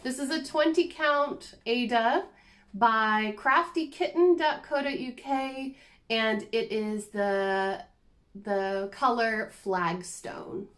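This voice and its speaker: A woman's voice: a little high, slow pace, fairly bright tone. A woman chatting casually and self-deprecatingly as she shows her cross-stitch projects to the camera. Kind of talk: casual show-and-tell chat.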